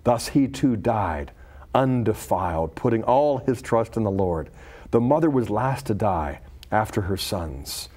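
A man teaching a Bible lesson, retelling a scripture story in an expressive, dramatic storytelling way. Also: fairly low pitch, a little slow, husky.

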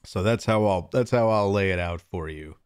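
With game music behind him, a man streams a video game in a relaxed, chatty way, reading and answering his viewers' messages. He has a low, clear, resonant voice at normal speed.

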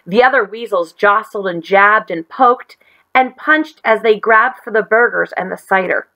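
Gravelly-voiced woman reading a story. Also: medium pitch, moderate pace, low-quality recording. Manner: gentle, expressive storytelling. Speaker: teacher reading aloud. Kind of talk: children's read-aloud.

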